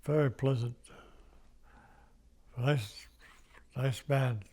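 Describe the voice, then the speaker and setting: A man's voice: mid-range voice, drawn-out words, darkish tone. An older American man telling war stories in an oral history interview, rambling with restarts and little chuckles. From United States. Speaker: veteran interviewee.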